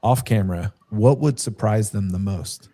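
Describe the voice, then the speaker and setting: A man hosting a casual podcast, asking questions in a relaxed, hesitant way with many fillers. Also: fairly low pitch, normal speed. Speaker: podcast host.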